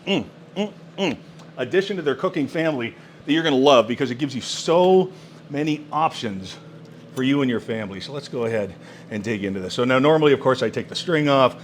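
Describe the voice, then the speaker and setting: A product demonstrator shows off a countertop cooker, exclaiming enthusiastically about the food. His mid-range voice moves briskly with lively intonation, and there's a slight hum of background noise.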